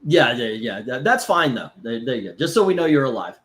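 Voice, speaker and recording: A man's voice: mid-range voice, big pitch swings, brisk, fairly bright tone. A man from Florida hosting a casual live stream, rambling with lots of fillers and restarts while reading out chat. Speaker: host.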